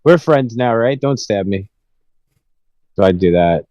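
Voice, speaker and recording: A man's voice: on the low side, expressive, a little slow, mellow, no room sound, muffled recording. A man hosting a podcast, telling rambling, profane stories about his pranks in a casual chat. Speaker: podcast host.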